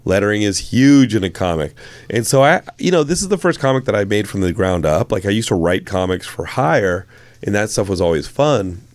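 A man with a fairly low voice chats as a podcast guest. He talks with eager, rambling enthusiasm about his work. The sound is dry and close, with no room around it. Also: very animated, fairly quick, dry recording. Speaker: comic book writer and filmmaker guest. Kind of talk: casual podcast interview.

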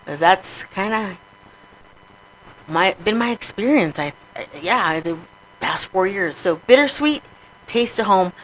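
A woman's voice: medium pitch, animated, slow, pauses often, a bit bright, a little hiss or hum, poor audio. A woman hosting a casual radio show, talking candidly and profanely about grief and family. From New Mexico, USA.

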